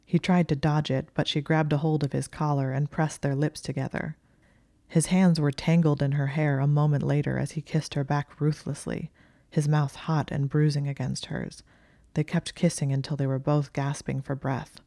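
Even-toned, mellow audiobook narrator. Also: mid-range voice, moderate pace, vocal fry, dry recording, studio quality. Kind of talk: scripted narration of fan fiction.

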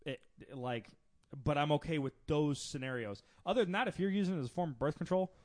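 A man's voice: fairly high pitch, fast. A man co-hosting a podcast in casual chat, plainspoken and firm.

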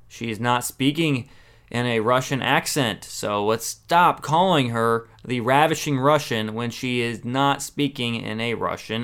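Opinionated man recapping wrestling, smooth voice. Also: medium pitch, fairly bright tone. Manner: opinionated, exasperated asides. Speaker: wrestling show reviewer. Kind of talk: casual recap commentary.

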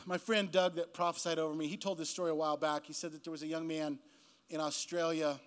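A male guest pastor preaching a sermon, telling a story in a casual way and building to a slow, emphatic close. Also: on the high side, level tone, smooth.

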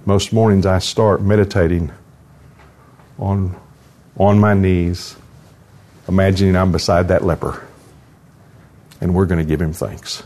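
A man's voice: deep voice, steady tone, unhurried, pauses often, dark tone. An older man giving an earnest devotional talk at a conference, telling a personal story and closing in prayer. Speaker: conference speaker. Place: conference hall.

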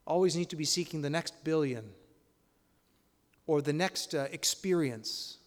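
Man, preacher, sermon, rhetorical questions, loud and hushed by turns, slightly high voice, long hall reverb. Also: a little slow.

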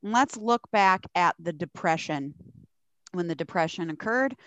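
A woman's voice: lowish voice, unhurried, no echo. A woman co-hosting a podcast, ranting casually and profanely about politics. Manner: profane, animated storytelling. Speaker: podcast co-host.

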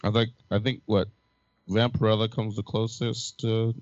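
A man's voice: fairly low pitch, level tone, normal speed, darkish tone, dry recording. A man hosting a casual movie chat podcast, teasing and laughing often. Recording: dull lo-fi sound.

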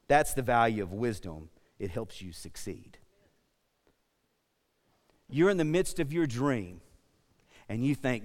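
A man's voice: medium pitch, expressive, normal speed. A man preaching a sermon, fervent and storytelling, asking the congregation questions. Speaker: pastor. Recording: long hall reverb.

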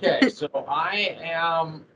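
A man's voice: on the high side, takes it slowly, sharp tone. A man from Massachusetts, a project manager, talking through a casual business interview with many fillers and restarts. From Massachusetts, near Boston. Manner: rambling, with frequent fillers and restarts. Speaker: ERP project manager at a manufacturer. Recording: dull lo-fi audio with faint noise.

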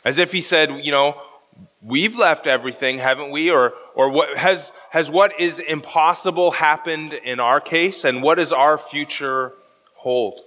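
A man's voice: on the high side, measured pace, sharp tone, in a large hall. A man preaching a sermon as pastor, walking through a scripture passage verse by verse and explaining the original Greek.

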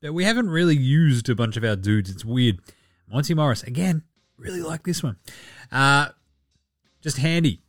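A man hosts a laid-back sports show, cursing freely and cracking jokes as he goes. His pitch sits in the middle of the range. The recording is dry and close, with faint music underneath. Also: animated, normal speed, long pauses, no room sound. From Australia. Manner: sweary, joking, puts on players' voices. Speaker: podcast host. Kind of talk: casual sports chat.

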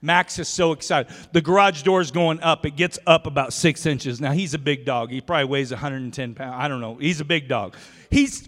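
Bright-voiced pastor preaching in a reverberant hall. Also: male voice, high-pitched. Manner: folksy storytelling, joking with the congregation. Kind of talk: sermon. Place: church sanctuary. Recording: long reverb of a church hall.

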